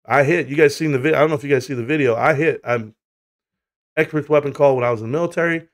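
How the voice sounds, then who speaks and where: Talking quickly in a fairly high voice, a man from the United States runs a laid-back livestream chat. He rambles, curses, and laughs his way through his stories.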